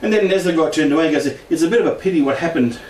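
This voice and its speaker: A man's voice: fairly high pitch, rapid-fire, darkish tone. A middle-aged man telling a personal story in a casual way, laughing often and acting out the voices he quotes. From Australia. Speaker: speaker sharing paranormal experiences. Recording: echoey room, distant mic, faint noise.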